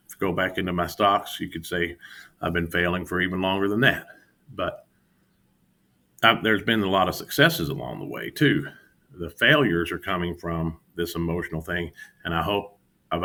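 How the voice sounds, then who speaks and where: Earnest low-voiced man vlogging candidly. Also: sharp tone. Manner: earnest, self-critical, with frequent restarts. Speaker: futures day trader vlogger. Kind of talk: candid reflective monologue to camera. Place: home room with an exercise bike.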